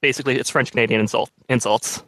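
A man's voice: medium pitch, fairly even intonation, a loud crowd. Joking male tabletop player. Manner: joking, quick quips. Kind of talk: casual chat.

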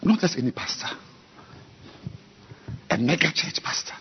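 A man preaching a sermon as a pastor, dropping to quiet, intimate asides and building up to shouted climaxes. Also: a little high, animated, normal speed, muffled recording, a little hiss or hum.

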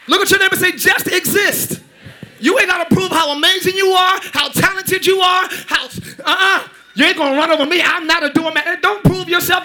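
Man, pastor, sermon, very high voice, very bright tense tone, shouting, joking. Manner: shouting, preaching with humor. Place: church sanctuary.

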